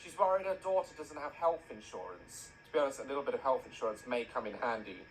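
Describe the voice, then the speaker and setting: Guy roasting a tv clip, jokey and snarky, very animated pitch. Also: fast, soft background music, rough recording. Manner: mocking, jokey, laughs at his own dark jokes. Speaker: reaction video host. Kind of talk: sarcastic reaction commentary.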